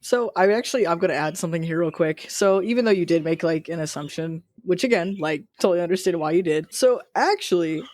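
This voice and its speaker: A man's voice: a little high, fast, hardly any pauses, darkish tone, dry recording. A man co-hosting a casual podcast, eagerly jumping in to add his own points. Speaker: podcast co-host. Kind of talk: casual chat.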